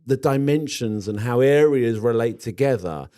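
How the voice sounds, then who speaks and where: A man trades jokes with his co-host in loose, casual talk. His voice is mellow and low in tone, and it swings up and down a lot as he talks. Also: animated, moderate pace. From London. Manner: jokey, teasing, restarts often. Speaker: garden show co-host, designer. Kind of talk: casual podcast banter.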